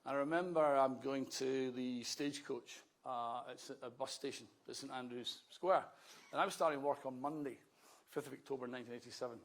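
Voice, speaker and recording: Scottish man, sixties, gravelly, mid-pitched, wry rally speech full of stories. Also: fairly quick. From Scotland. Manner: wry storyteller with self-mocking asides. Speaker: politician addressing a rally. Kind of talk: anecdotal speech.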